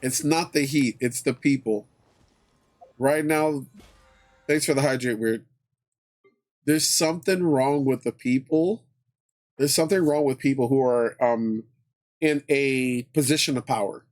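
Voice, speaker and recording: A man hosting a livestream, chatting casually with viewers in a relaxed way, swearing often and repeating his phrases. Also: medium pitch, a little slow, long pauses. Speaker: livestream host.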